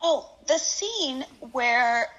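A woman co-hosting a casual chat, animated and acting out quotes in voices. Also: sits high, drawn-out words, muffled recording. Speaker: podcast co-host. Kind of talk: casual chat about a reality show.

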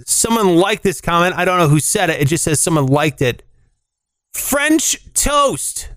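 Reading listener comments on a podcast he co-hosts, this man talks a little fast, joking and lively. Arguing makes him curse and shoot up in pitch. The audio has no echo.

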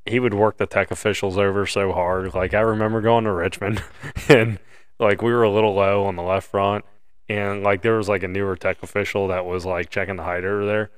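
A man with a fairly low voice, reminiscing as a podcast co-host. He talks in an easygoing, friendly way. The recording is close and dry. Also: little pitch movement, fairly quick, smooth, dry recording. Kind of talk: casual chat.

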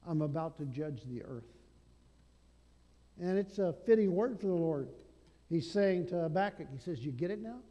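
A man's voice: fairly high pitch, lively intonation, measured pace, pauses often, highs cut off. Emphatic male preacher in a reverberant hall. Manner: emphatic preaching, swings between loud declarations and hushed asides. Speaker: pastor. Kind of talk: sermon.

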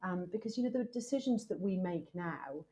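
A woman talks as a podcast guest in a low, mellow voice. She is lively and emphatic, leaning on "you know" as she goes. Her tone stays warm and unhurried. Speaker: guest, presenter and author. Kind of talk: candid podcast conversation.

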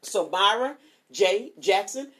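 A woman hosting a streaming devotional show, chatting casually and giving shout-outs before a Bible reading. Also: medium pitch, takes it slowly. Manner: animated and chatty, swoops up on exclamations.

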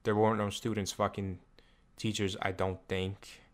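A young podcast co-host with a fairly low voice, hesitant and stumbling into his sentences. He talks in a relaxed, casual way. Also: normal speed. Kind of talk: casual chat.

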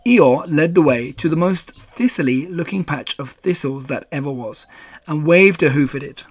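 A man reading a children's storybook aloud in a measured, gentle way. His voice sits slightly high for a man. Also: lively intonation. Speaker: narrator.

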